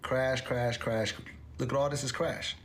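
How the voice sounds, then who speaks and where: A man's voice: medium pitch, steady tone, unhurried, a little hiss or hum. A man hosting a livestream, talking viewers through crypto charts in an emphatic, repetitive way that climbs to incredulous exclamations. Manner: emphatic, repeats himself, rising to incredulous exclamations. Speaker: crypto commentator.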